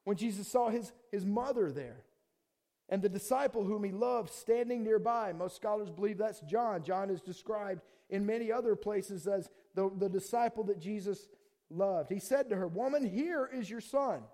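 A man preaching a sermon to a congregation in a casual, animated way, acting out quick voices of people. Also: sits high. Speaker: pastor.

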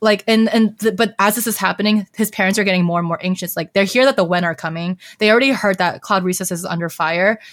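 A woman's voice: mid-range voice, fast, hardly any pauses, dry recording. A young woman hosting a podcast, casually recapping a story in a chatty way with many fillers. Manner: chatty, heavy use of filler "like". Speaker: podcast host.

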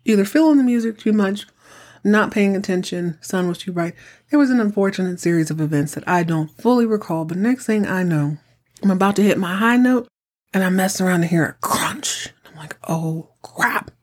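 A middle-aged woman hosting a podcast, telling a story in a chatty, animated way and acting out the dialogue. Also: mid-range voice, fairly quick. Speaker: podcast host. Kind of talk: casual storytelling.

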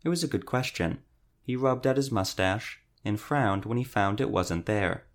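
A man narrating an audiobook in a steady, even reading voice. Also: on the low side, normal speed. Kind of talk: scripted narration.

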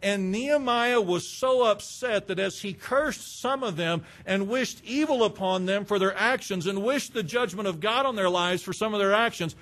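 A man preaching a sermon, fervent and emphatic, breaking into loud bursts. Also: high voice.

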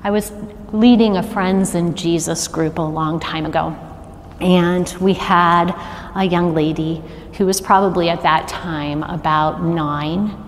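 A middle-aged woman preaching a sermon, animated and asking the congregation to call out answers. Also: lowish voice, a little slow, slight background noise. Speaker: worship arts director preaching. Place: church sanctuary. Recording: long reverb of a large church hall.

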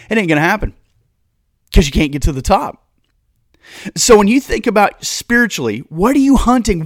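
Fired-up preaching man, high voice. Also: no echo, studio quality. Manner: fired-up preaching, rhetorical questions. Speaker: podcast host. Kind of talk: casual podcast monologue.

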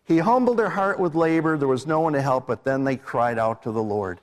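Long hall reverb fills this live church recording of a middle-aged minister preaching in the sanctuary. His voice is medium-pitched and fairly quick, and he keeps the sermon conversational by questioning his congregation.

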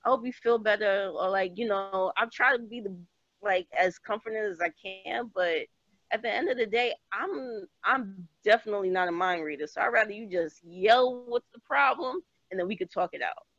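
A woman's voice: mid-range voice, normal speed, dry recording, dull audio. A woman on a podcast panel chatting casually, acting out little exchanges as she talks. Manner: animated storyteller, acts out quoted exchanges. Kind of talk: casual chat.

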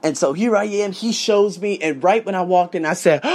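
Indoors in his condo room, a vlogger who teaches English recounts his story in a casual, emphatic way, with swearing. His voice is high and darkish, and he talks at normal speed.

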